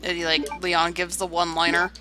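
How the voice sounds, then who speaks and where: A young woman playing a video game on stream, talking through it in a relaxed, musing way. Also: on the low side, brisk, music in the background. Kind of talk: let's play commentary.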